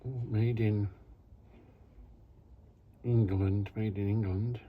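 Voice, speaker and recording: A man talks his way round a shop, unhurried and slow, now chatting, now dropping to a mutter or a whisper. There's a faint hum of ambience behind him. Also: fairly low pitch, dull audio. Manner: chatty, trails off into muttering and whispering over items. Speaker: vlogger. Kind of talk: casual chat while browsing. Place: indoor shop.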